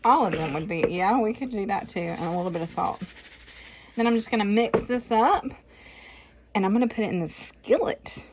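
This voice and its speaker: A woman's voice: medium pitch, a little hiss or hum. A middle-aged woman, chatting folksily and joking at herself as she cooks in her home kitchen. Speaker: vlog host cooking. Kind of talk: casual cooking vlog chat.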